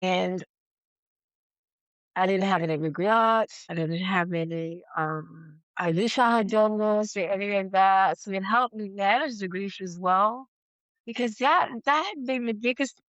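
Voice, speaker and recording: A woman speaks with middle pitch in a casual podcast conversation. She is reflective and halting, often repeating words while she searches for what to say. The sound is dry and close. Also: a bit bright, no room sound, poor audio. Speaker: podcast guest, yoga teacher.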